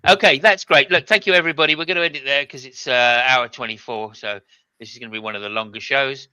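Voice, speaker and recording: A man's voice: medium pitch, fast, bright, forceful tone, smooth, no room sound. A man hosting a live stream in casual chat, joking as he wraps up the show. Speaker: host.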